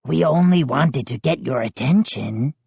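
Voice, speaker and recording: A woman doing Hap, a raspy soft-spoken gnome. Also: rumbling low, animated, a little slow, no echo, heavily acted. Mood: pleading. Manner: quiet, earnest pleading.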